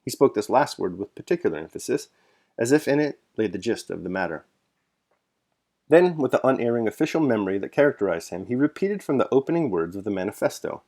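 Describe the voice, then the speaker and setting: A man hosting and reading a classic novel aloud chapter by chapter, in a measured, clear narration. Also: mid-range voice, big pitch swings, warm tone. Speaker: host and reader. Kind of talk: audiobook narration.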